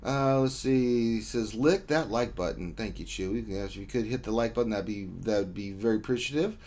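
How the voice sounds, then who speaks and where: Reading chat greetings aloud on his casual gaming stream, this host jokes and rambles, filling gaps with lots of ums and uhs. His voice is on the low side, a little mellow, and slightly fast.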